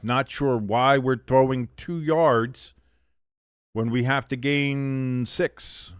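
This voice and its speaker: A man's voice: mid-range voice, no echo. A man hosting a live football watch-along. He calls plays, reads chat and drops exasperated, swearing asides in casual commentary. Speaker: host of a live sports watch-along stream.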